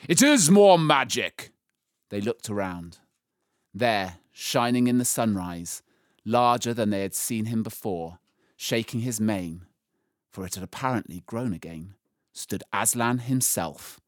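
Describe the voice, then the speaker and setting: A man reading a storybook aloud, slow and expressive, rising with the drama. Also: fairly low pitch, dry recording, studio quality.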